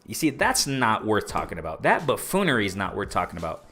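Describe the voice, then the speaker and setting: Animated ranting man hosting a live stream. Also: fairly low pitch, fast. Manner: animated, ranting, repeats phrases for emphasis. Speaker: boxing live-stream host. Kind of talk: casual live-stream commentary.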